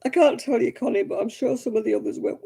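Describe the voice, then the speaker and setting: Mellow, husky British woman chatting. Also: on the high side, quick pace. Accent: British English. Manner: chatty, greeting viewers by name. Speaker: livestream host. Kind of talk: casual live-stream chat.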